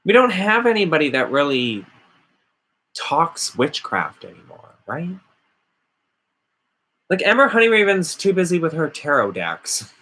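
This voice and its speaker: A man's voice: a little high, wildly swooping pitch, measured pace, pauses often, bright, forceful tone. A man vlogging casually, rambling and sarcastic as he rants. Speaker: witchcraft vlogger. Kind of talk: casual ranting vlog.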